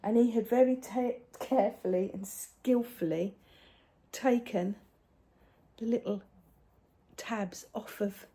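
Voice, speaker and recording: An older woman, chatting casually at home as a crafting vlogger, rambling, with soft hushed asides. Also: a little high, slow pace. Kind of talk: casual chat showing crafts.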